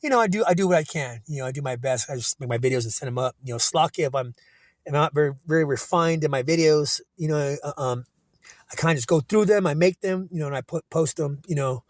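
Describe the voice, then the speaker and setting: A man with a notably high speaking voice talks scripture into his cell phone. He is rough and profane, full of restarts and stumbles, and slows down for the verses. The sound is dry, with no room echo. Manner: profane, rambling, many restarts; reads verses slowly in old-style diction. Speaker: self-taught scripture teacher. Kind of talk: informal scripture breakdown video.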